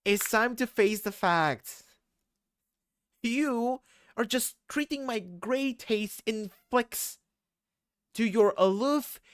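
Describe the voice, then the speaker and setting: An eager young adventurer who talks in quaint, old-fashioned British-style slang, his voice pitched high and full of bounce, as a man reads him aloud. The sound is dry and close. He comes across as chipper and keen for adventure. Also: dry recording.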